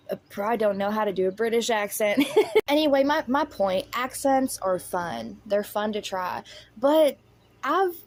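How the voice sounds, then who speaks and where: A woman's voice: medium pitch, expressive, normal speed. A woman hosting a critical commentary video, blunt, sarcastic and profane. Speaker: commentary host.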